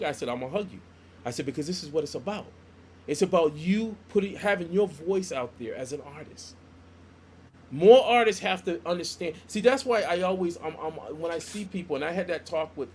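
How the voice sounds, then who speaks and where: This middle-aged comic artist's voice runs on the high side, with slight background noise behind it. Chatting casually on a podcast, he tells lively stories and acts out every bit of quoted dialogue.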